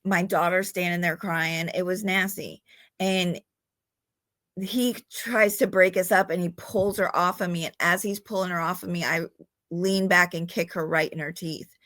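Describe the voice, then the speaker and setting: A woman's voice: fairly low pitch, steady tone, moderate pace, a bit bright, no echo, studio quality. A middle-aged woman talking candidly as a podcast guest, blunt and swearing freely, sometimes laughing at herself. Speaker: guest in recovery. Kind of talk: candid conversational storytelling.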